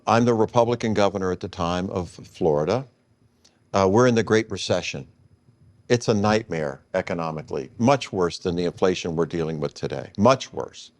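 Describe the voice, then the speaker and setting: A man in his sixties telling a long personal story in an interview, acting out the dialogue he quotes. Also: low-pitched. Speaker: guest.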